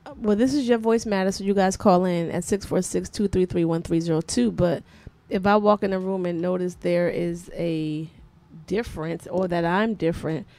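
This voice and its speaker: Brief: radio co-host, woman, warm lowish voice, plain and steady. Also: moderate pace. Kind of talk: casual call-in radio chat.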